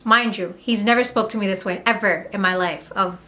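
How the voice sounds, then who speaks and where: A young woman from Montreal telling a candid, heated storytime on her vlog, swearing and rushing through asides. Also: medium pitch, bright, forceful tone. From Montreal, Canada. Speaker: vlogger.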